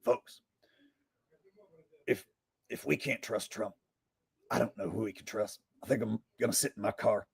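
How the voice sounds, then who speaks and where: A man impersonating a defeated, tearful male talk-show host in a soft, whimpering, mopey voice. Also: on the low side, normal speed, vocal fry, long pauses, breathy edge, full character voice.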